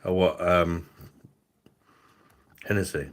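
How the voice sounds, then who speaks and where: A man's voice: deep voice, fairly even intonation, takes it slowly. A man, hosting a drinks review livestream in a rambling, profane, laughing way. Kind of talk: casual livestream chat.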